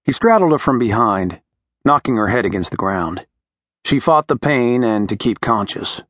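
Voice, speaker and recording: A man narrating a dramatic novel in a measured, scripted reading as an audiobook narrator. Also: mid-range voice, big pitch swings, a bit bright, no room sound, studio quality.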